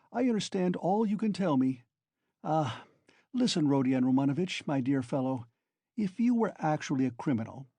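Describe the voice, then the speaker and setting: A man's voice: a little high, warm tone, no echo. A man voicing a sly, genial male investigator who talks in a fussy, insinuating way. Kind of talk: audiobook character reading.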